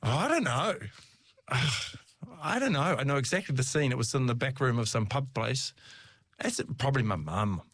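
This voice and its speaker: A man's voice: medium pitch, big pitch swings, moderate pace, a bit bright, no echo. A middle-aged man, a former rugby player, chatting as an interview guest, telling stories with frequent laughs and restarts. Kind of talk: casual storytelling.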